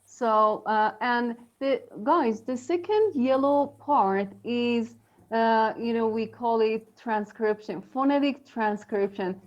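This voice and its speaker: Woman co-host, unhurried teacher, light high voice, loose filler-heavy delivery. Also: a little mellow, lo-fi sound. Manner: chatty, many fillers, laughs often. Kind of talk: casual live English lesson.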